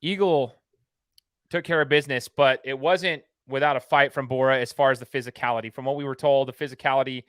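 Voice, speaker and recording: A man's voice: medium pitch, steady tone, a little fast, clean tone, dry recording. A man co-hosting a podcast in casual sports chat, easygoing and building on his co-host's points. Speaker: podcast co-host.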